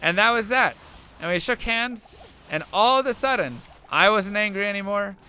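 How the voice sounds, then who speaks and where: A man's voice: high-pitched, lively intonation, moderate pace, pushed and bright, slight background noise. A young man streaming to viewers, talking through an earnest, rambling story full of fillers as he chats. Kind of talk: casual chat while gaming.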